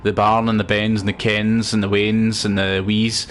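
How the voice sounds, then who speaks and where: A man's voice: lowish voice, flat delivery, moderate pace, a little hiss or hum. Rambling Scottish man streaming a game. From Scotland. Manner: rambling, chatty, with many fillers and restarts. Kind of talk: casual gameplay commentary.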